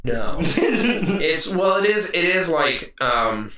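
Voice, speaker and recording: A young man co-hosting a podcast, telling stories in a worked-up, animated way with plenty of swearing. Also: fairly high pitch, takes it slowly, slight background noise. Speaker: podcast co-host. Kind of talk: casual chat. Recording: echoey room, mic at a distance.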